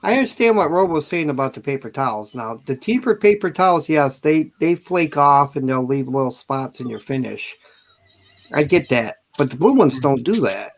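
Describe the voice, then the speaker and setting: A man's voice: fairly high pitch, animated, moderate pace. A man chatting in an easygoing, agreeable way on a video call. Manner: easygoing, agreeable, laughs easily. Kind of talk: casual chat.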